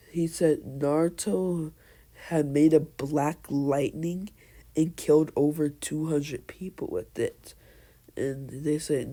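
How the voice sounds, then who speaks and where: Man narrating a fan tale, slow and mellow, hesitant and rambling. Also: a little high, fairly even intonation. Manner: rambling, hesitant, strings events with "and so then". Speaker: fan storyteller. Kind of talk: casual retelling of a fan story.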